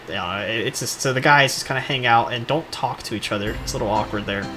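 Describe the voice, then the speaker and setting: A man giving joking, casual commentary while playing through a game, moving between quiet asides and louder bursts. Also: mid-range voice, fast. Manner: joking, mocking, shifts between quiet asides and excited outbursts. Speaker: let's play host. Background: game music.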